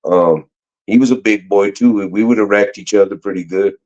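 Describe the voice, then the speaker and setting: A middle-aged man with a fairly low voice tells stories in loose slang, often restarting his sentences. His audio comes through dull and lo-fi. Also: brisk, a little mellow. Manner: slangy, rambling, frequent restarts. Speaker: guest. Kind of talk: casual storytelling chat.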